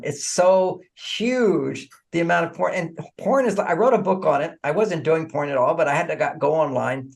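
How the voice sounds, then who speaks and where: A man speaking as an author guest in a podcast interview. He is animated, chuckles often and repeats words as he restarts his sentences. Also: on the high side, gravelly. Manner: animated, acts out dialogue, frequent chuckles.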